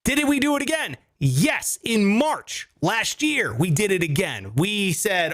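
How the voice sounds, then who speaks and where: A man's voice: high voice, a little slow, few pauses, no room sound. A man co-hosting a comedy finance podcast, explaining with jokes and casual swearing. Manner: animated, jokey, swears casually. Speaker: co-host.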